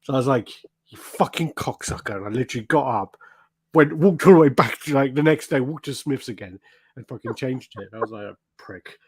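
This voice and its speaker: A man hosting a casual podcast, telling a story in an animated way and acting out the people in it, with a lot of swearing. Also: medium pitch, brisk, husky, no echo, clean studio sound. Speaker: podcast host. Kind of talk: casual chat.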